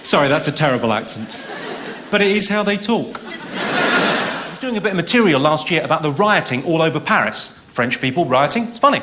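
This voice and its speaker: A stand-up comedian with a high, lively voice and deadpan timing, working the crowd from a big theatre stage. His stage mic carries a long hall reverb, and loud audience noise runs under him. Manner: deadpan, quick delivery with crowd work. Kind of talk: stand-up routine.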